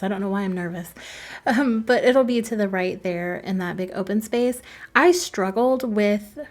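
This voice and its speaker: A woman in a relaxed voice-over, talking through her build in a chatty, rambling way. She pokes fun at herself and laughs often between thoughts. Her voice sits at a middling pitch, recorded close on a home desk mic. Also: moderate pace. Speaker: game build video creator. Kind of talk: casual voice-over commentary.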